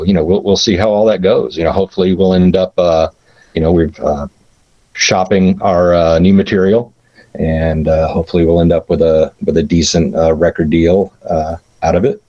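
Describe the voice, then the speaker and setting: A very low, mellow male voice answers interview questions, stopping often on uhs and repeated words. The sound is dry and dull, like a lo-fi line. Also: no room sound. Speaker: band member guest.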